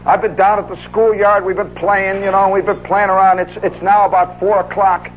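A man spins an animated, folksy story, adding "see" at every turn. His voice sits high for a man. The sound is tinny like an old radio broadcast, with a faint hiss behind it. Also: normal speed. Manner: animated, folksy, says "see" and "oh, yeah" often. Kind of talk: spoken monologue recollection.

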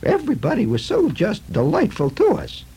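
A man's voice: high-pitched, huge pitch swings, a little fast, mellow, slightly rough, voice pushed up, full character voice, low-quality recording. A man voicing a delighted woman tourist back from Europe, gushing breathlessly.

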